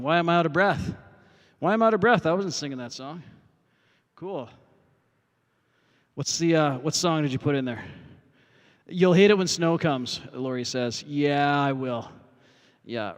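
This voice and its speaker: A man's voice: fairly high pitch, long reverb tail. Rambling, profane man with a raised voice. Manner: rambling, profane, many fillers. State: winded after performing. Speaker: livestream musician host. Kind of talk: casual livestream chat. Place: outdoor parking lot. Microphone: phone.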